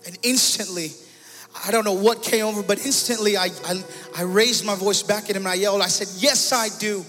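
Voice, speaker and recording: Bright-voiced pastor preaching. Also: male voice, sits high, steady tone, brisk, in a large hall, soft background music. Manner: personal testimony, growing emotional and loud. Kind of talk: sermon. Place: church sanctuary.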